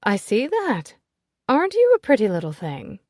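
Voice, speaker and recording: A woman voicing a brash, cheeky aristocratic lady who teases loudly and bluntly. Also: a little high, wildly swooping pitch, normal speed, dry recording, clean studio sound, voice pushed up. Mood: teasing. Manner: bold, cheeky, exclamatory. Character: brash, bawdy aristocratic lady, teasing and loud.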